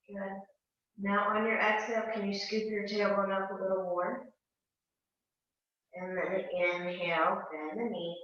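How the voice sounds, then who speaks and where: A woman teaching a yoga and Pilates class, calmly talking students through each breath and movement. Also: medium pitch. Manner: calm, slow cueing of breath and movement. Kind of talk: guided exercise instruction. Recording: distant, echoey and dull.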